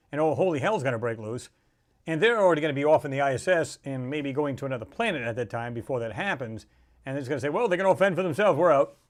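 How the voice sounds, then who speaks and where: A middle-aged man hosting a casual livestream, talking in a rambling, emphatic way and acting out the people he quotes. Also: mid-range voice. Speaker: channel host.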